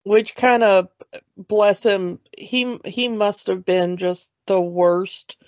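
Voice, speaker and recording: A woman co-hosting a movie podcast talks slowly and loosely, rambling through asides and restarts. Her voice is close and dry. The audio is slightly dull. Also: mid-range voice, steady tone, darkish tone, dry recording. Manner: chatty, rambling with restarts and laughs. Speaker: podcast co-host. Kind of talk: casual movie chat.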